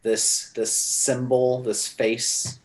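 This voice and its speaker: A man in a mid-range voice asks questions at a tabletop game, slowly and hesitantly. He gropes for words, restarting as he goes. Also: medium pitch, little pitch movement. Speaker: player.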